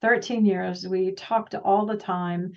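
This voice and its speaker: A woman speaks as a guest, telling her story in a rambling, animated way and slipping into the voices of the people she quotes. Her voice sits at a middle pitch and sounds set back from the mic. The sound is dull and lo-fi. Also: slow pace, distant mic. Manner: animated, rambling, often acts out quoted dialogue. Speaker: guest, intuitive practitioner. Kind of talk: casual personal storytelling.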